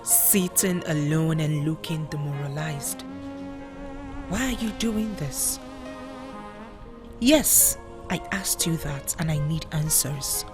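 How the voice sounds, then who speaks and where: An actress playing a downcast woman who questions herself aloud and then makes up her mind. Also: low voice. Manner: self-questioning, resolving. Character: downcast woman arguing with inner voice.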